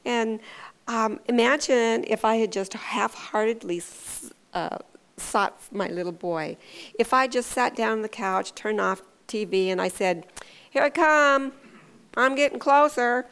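An earnest woman sharing a devotional in a relaxed, chatty way, her voice sitting at an ordinary middle pitch. She stumbles and restarts now and then, then swings up and down in pitch when she tells a story. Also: unhurried. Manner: earnest and conversational, with hesitant restarts. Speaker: devotional speaker. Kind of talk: informal devotional sermon.

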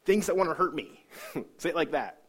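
A man giving an emotional personal testimony about his faith, earnest and halting, often repeating words as he searches for them. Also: fairly high pitch, sing-song, breathy edge. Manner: earnest, halting, repeats himself when moved. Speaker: speaker sharing a faith testimony.

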